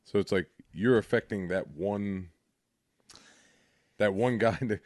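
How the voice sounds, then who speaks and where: A man co-hosting a casual podcast, joking wryly and laughing quickly. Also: lowish voice, a little mellow, no echo, clean studio sound. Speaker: podcast co-host. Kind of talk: casual boozy podcast chat.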